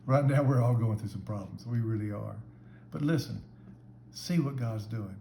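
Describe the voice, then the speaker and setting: A man's voice: fairly low pitch, normal speed, vocal fry, warm tone. A man giving a short devotional Bible talk as a church minister, speaking in an earnest, conversational way. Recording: echoey room with faint background hum.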